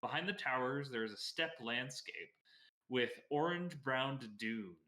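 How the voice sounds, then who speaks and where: A man's voice: mid-range voice, unhurried, roomy sound. A man co-hosting a casual art history chat, reading passages aloud and stumbling over words. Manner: relaxed, laughs easily, stumbles on words.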